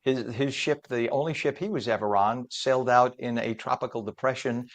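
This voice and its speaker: A man hosting a live morning TV show, reading traffic and introducing guests in a brisk, jokey way. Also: mid-range voice.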